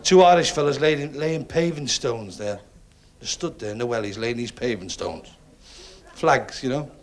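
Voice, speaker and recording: A man's voice: medium pitch, lively intonation, normal speed. A man telling stand-up jokes on a club stage in a chatty way, laughing at his own punchlines and acting out the characters. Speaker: stand-up comedian. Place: television comedy club stage.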